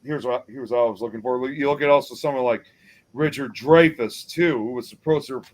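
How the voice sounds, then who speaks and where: A man's voice: mid-range voice, brisk, poor audio. Chatty male podcast host. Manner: chatty, laughs while talking. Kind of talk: casual chat about a film.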